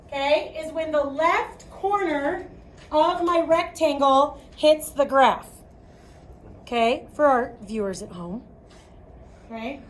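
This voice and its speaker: In an echoey classroom recorded from a distant mic with a slight hiss or hum, a woman with a high voice and a Chicago accent gives a math lecture. She projects to the room and regularly checks in by saying "okay?".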